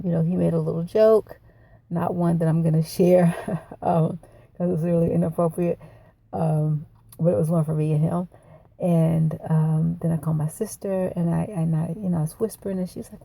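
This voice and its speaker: A woman's voice: on the low side, steady tone, a little fast, creaky, mellow. A middle-aged woman recording a personal video journal, telling her story in a rambling, emotional way. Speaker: video diarist.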